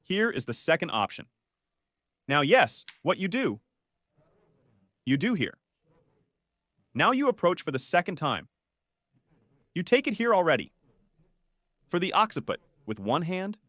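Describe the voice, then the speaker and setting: This doctor's voice is a little high and dryly recorded. He makes his video lesson on spine health lively and fun, testing viewers with quiz questions.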